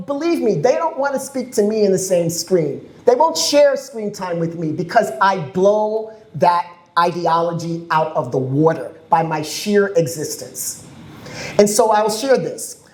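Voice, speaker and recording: A woman speaks on a panel at a community gathering, sweeping her pitch up and down as she tells a story and acts out the voices in it. Her talk comes across as impassioned and often laughing. The sound carries the echo of a large room. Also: a little mellow. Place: community event hall.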